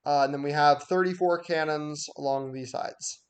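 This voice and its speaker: Game master, male, a bit high-pitched, explanatory and full of ums. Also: fairly even intonation, moderate pace. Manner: explanatory, with frequent filler words. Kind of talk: explaining a game map to players.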